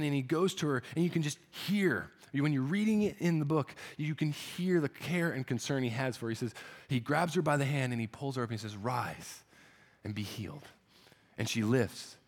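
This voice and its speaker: A male preacher retells a story in an earnest sermon. He restarts his phrases often, and his voice is a little high for a man. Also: brisk. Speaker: pastor.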